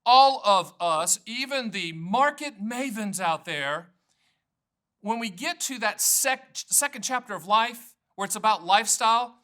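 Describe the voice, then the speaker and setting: Older man, high bright voice, folksy joking salesman patter, explainer to camera. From North Carolina. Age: 60s. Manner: folksy, jokey salesman patter with self-promotion. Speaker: annuity agent hosting his channel.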